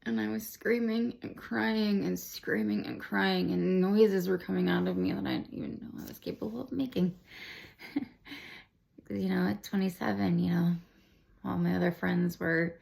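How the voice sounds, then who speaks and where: Young woman with heavy vocal fry. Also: fairly low pitch, darkish tone. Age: 20s. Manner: rambling, emotional, full of "like" and restarts. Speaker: vlogger sharing her cancer diagnosis. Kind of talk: candid personal storytelling to camera.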